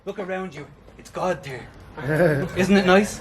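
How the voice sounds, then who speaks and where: High-voiced mocking battle rapper, man. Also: lively intonation, moderate pace, a loud crowd. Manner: taunting, mocking, laughs between bars. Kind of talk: performing rap battle verses. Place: outdoor event. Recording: noisy outdoor event.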